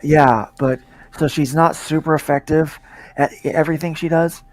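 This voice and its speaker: A man's voice: fairly high pitch, fairly even intonation, moderate pace, dry recording. A man, a comic creator and pastor, chatting casually as a guest and rambling with lots of fillers. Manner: laid-back, rambling with many fillers. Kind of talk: casual livestream chat.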